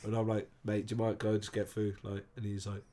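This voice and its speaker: A man's voice: lowish voice, brisk. A man from England telling a long, sweary anecdote as a DJ guest on a casual chat show. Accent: Bristol English. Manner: sweary, animated, acts out quoted voices.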